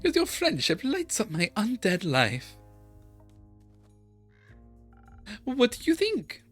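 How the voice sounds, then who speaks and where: A streamer voicing a cheerful, clingy, dramatic male vampire in a video game, speaking in a theatrical, high, gushing way. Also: huge pitch swings, a little slow, a bit bright, faint music behind, exaggerated voice. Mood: earnest. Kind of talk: voicing game characters while playing.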